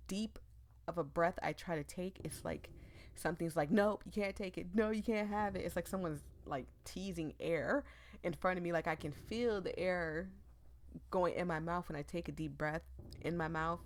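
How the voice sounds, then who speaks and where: A woman streamer with a lowish voice reads a visual novel aloud and comments on it, emotive and immersed, slipping in nervous laughs and rushed asides.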